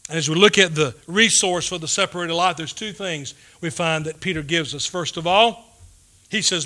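A man delivers a sermon in a high voice. His tone is bright and forceful. He swings between loud emphasis and quiet, hushed asides. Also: normal speed. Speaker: pastor.

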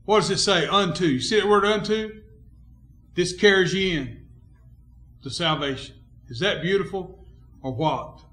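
A man pastor preaching a sermon in a church, emphatic, swinging between quiet and loud, calling out for amens. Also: high voice, measured pace, pauses often, echoey room.

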